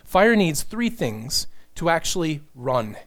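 A middle-aged man preaching a sermon, earnest and animated, with joking asides to the congregation. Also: a little high, takes it slowly. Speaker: pastor.

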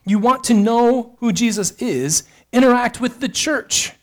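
Preaching with earnest emphasis, a male pastor with a very high-pitched voice rises on his key points and tosses quick asides to the congregation during the sermon.

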